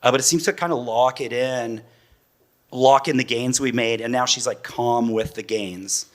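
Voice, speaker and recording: This is a man in his forties, speaking casually as a parent guest on a panel. His voice sits at an ordinary middle pitch, and he talks in a loose, rambling way, breaking into laughs. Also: normal speed. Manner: chatty, loose, often laughing.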